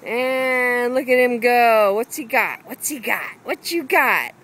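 A woman's voice: fairly high pitch, expressive, takes it slowly, a bit bright, a little hiss or hum. A woman filming her dogs in a backyard on a handheld camera, calling and coaxing them in a sing-song voice. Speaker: dog owner filming her pets. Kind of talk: casual home video narration. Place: backyard outdoors by a fence.

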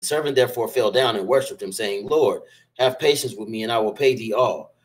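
A man reading Bible passages aloud in a steady, plain way, with small slips. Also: on the low side, brisk, poor audio. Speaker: scripture reader.

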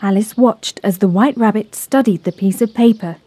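A woman narrating a children's story in a calm, clear, measured way. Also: mid-range voice.

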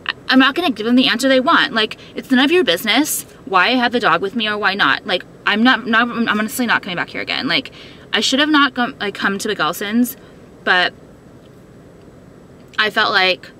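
This woman's voice sits on the high side, pushed and bright, with slight background noise. She's a vlogger holding her phone to film herself, venting to camera in an upset way, swearing often and stuffing her speech with "like."

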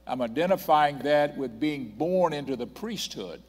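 A man's voice: fairly high pitch, lively intonation, normal speed, darkish tone. Older male preacher, emphatic, repeats his points, church hall reverb. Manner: emphatic, reads scripture aloud and repeats points. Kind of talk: sermon. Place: church sanctuary.

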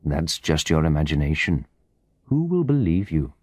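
A man's voice: rumbling low, sing-song, normal speed, breathy edge, dry recording, clean studio sound, heavily acted. A man voicing a greedy, menacing businessman in an audiobook, speaking in an arrogant, threatening way.

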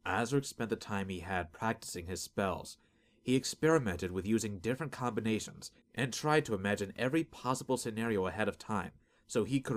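A man giving steady, measured scripted narration of a fantasy audiobook. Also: fairly low pitch.

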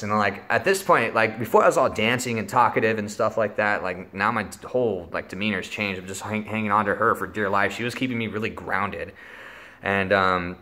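A man's voice: on the low side, fairly quick, sharp tone. A young man casually telling a rambling story, full of filler words and swearing. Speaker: vlogger.

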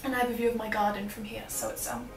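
A woman's voice: on the high side, little pitch movement, fast, creaky. Chatty young Australian woman, roomy sound. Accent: Australian, drifting British. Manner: chatty, giggly, lots of fillers. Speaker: vlogger. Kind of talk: casual apartment tour. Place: small apartment room. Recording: echoey small room, faint background music.

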